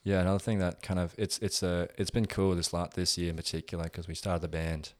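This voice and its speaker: A young man who coaches strength training, chatting casually in an interview, relaxed and rambling with many fillers. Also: deep voice, a little fast, dry recording, clean studio sound. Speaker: gym owner and strength coach.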